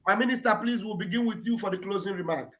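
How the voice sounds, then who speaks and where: A man's voice: high-pitched, quick pace. A man hosting a call-in program, courteous, calling on speakers in turn and repeating phrases. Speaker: host.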